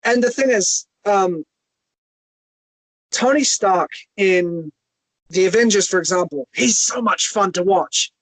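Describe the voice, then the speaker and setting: A man in a casual film discussion, sharing opinions and thinking aloud with pauses over a video call. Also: high voice, a bit bright, no echo, poor audio. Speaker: panelist.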